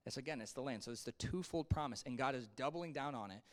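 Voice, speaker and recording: A young adult man teaching a Sunday school lesson in a relaxed, conversational way, acting out the people he quotes. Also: medium pitch, quick pace, few pauses. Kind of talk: casual Bible lesson.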